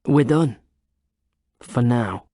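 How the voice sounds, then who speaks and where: A man voicing a second male police detective who speaks quietly and curtly. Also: mid-range voice, expressive, very slow, dry recording. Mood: cool.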